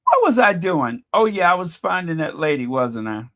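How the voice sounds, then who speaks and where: Very animated and on the high side, this man's fairly bright voice moves at a normal speed. Running a laid-back commentary livestream, he chats with viewers in an exasperated way, thinking aloud as he goes.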